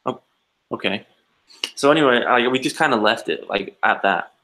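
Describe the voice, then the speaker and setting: In a rough recording with slight background noise, a podcast co-host with a mid-range, pushed and bright voice talks briskly. He tells a long, rambling anecdote in a casual chat, acting out the quotes as he goes.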